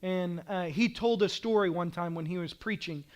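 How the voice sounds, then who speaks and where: A middle-aged man preaching from the pulpit with a fairly high, ringing voice. He builds his points through emphatic repetition and passionate declarations, then drops low to drive them home. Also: normal speed. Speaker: pastor. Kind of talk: sermon.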